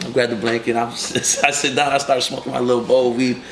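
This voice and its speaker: A young man in his twenties tells his story in fast, profane street talk, with loose fillers throughout. He sits in a room with a strong echo. Faint ambient noise hangs under his voice. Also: medium pitch, level tone. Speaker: rapper, interview guest. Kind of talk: casual interview storytelling.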